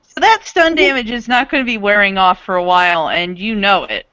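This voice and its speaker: A woman narrating as game master of a tabletop role-playing game in a casual, unhurried way. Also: mid-range voice, lively intonation, bright, forceful tone, no echo, low-quality recording.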